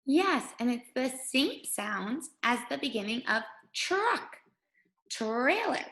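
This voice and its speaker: A woman teacher leading a guided reading lesson for young children, speaking slowly and patiently. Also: high-pitched, very animated, pushed and bright, rough recording. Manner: slow, patient, sing-song teacher voice.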